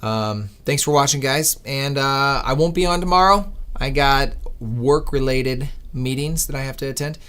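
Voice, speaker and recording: A man hosting a live trading stream, talking to viewers in an earnest, animated, motivational way. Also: mid-range voice, normal speed, hardly any pauses, clean tone. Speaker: day-trading livestream host. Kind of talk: casual livestream talk.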